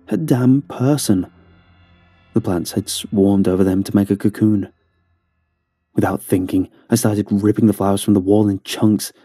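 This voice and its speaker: A man's voice: on the low side, warm tone, breathy edge, dry recording, studio quality. A man narrating a first-person horror story in a tense, dramatic storytelling manner.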